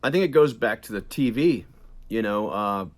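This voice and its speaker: A middle-aged man, a voice actor, chatting as an interview guest, animated and quick to laugh, drifting in and out of accents. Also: on the low side. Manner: animated, laughs often, slips into accents mid-sentence. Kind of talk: casual interview chat.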